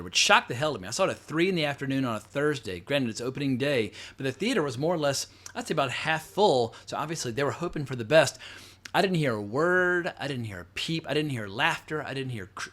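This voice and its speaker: A man's voice: medium pitch, fairly bright tone. Blunt, sarcastic middle-aged male film reviewer. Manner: rambling with fillers and self-corrections. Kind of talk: casual spoken movie review.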